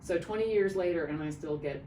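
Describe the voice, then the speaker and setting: A middle-aged woman, an opera singer, telling an animated backstage story in a casual interview and acting out the voices of the people in it. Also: on the low side, a little fast. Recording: roomy, distant mic, faint background noise.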